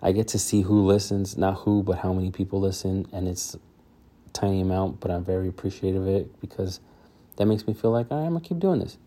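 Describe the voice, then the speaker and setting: A podcast host talks on his own in a casual, loose way, stacking up fillers and restarts. His low-pitched voice is warm and flat in delivery, moving a little fast.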